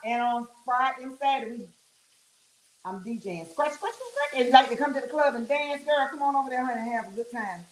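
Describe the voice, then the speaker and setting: A woman hosting a casual livestream while cooking, folksy and chatty, calling viewers honey and child. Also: a little high. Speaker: livestream host and weekend DJ. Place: home kitchen. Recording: echoey kitchen with frying sizzle. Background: fish frying and sizzling.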